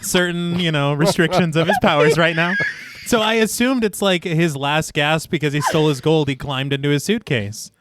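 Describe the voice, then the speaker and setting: A man's voice: a little high, fairly bright tone, slight background noise. A man co-hosting a horror film podcast in casual chat, joking and laughing often. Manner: joking, laughing, does quick funny voices. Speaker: podcast co-host.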